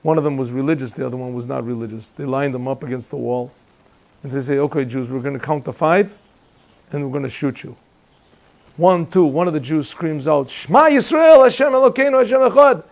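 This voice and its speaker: This rabbi's mid-range voice is steady and a little mellow, with vocal fry, and he talks fairly quickly. His Chassidic lecture in a yeshiva classroom is conversational and joke-filled, with frequent questions to the audience.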